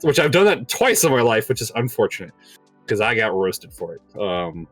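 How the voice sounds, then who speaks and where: A man's voice: lowish voice, sing-song, normal speed, no room sound, soft background music. A young man casually telling a long story on a podcast, rambling with lots of filler words and laughing at his own tale. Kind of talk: casual chat.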